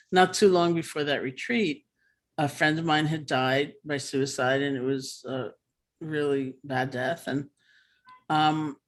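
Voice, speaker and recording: A woman in her sixties, a meditation teacher, speaking gently and thoughtfully on a video call, with many pauses and fillers. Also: low-pitched. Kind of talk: reflective teaching talk with a personal story. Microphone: computer mic on a video call.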